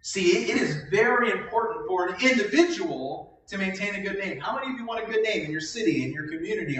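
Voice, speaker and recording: A man's voice: on the high side, fairly bright tone. A male pastor giving a sermon to his congregation, asking them questions and stretching out words for emphasis. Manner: preaching with call-and-response questions, drawn-out emphasis. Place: church sanctuary during a service. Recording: very echoey church, voice from a distance.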